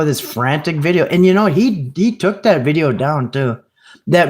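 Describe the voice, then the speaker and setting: A man hosting a live stream, talking casually in a rambling, animated way and answering viewers' comments by name. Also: on the high side. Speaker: channel host reading live chat.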